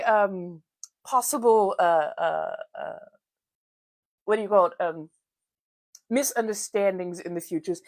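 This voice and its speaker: Doing her makeup on a livestream, this American host chats away, welcomes viewers by name and laughs frequently. She has a medium-pitched voice at a measured pace with frequent pauses, recorded in clean studio sound without room sound.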